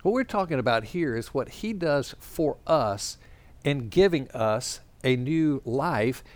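A man preaching in an easy, conversational way, with plenty of pauses and small fillers. His voice sits in an ordinary middle register. He works through his points step by step as he draws a diagram. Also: mid-range voice, animated, a little mellow. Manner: explains points while drawing a diagram. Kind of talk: sermon with storytelling.

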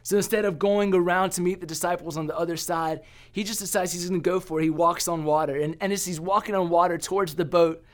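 A man's voice: sits high, steady tone, moderate pace. A young man giving an earnest sermon as a pastor, often restarting and repeating words.

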